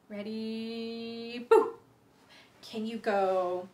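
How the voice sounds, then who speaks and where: Slow and expressive, a young woman with a slightly high, fairly bright voice guides young children through music and movement via livestream. The indoor room echoes, and her playful, sing-song style includes many sung lines and vocal games.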